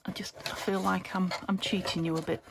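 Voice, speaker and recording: A woman's voice: medium pitch, level tone, normal speed, creaky, very noisy. A woman vlogging about her crafts, chatting casually and thinking aloud as she works, sometimes half-whispering. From United Kingdom. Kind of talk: casual crafting chat to camera.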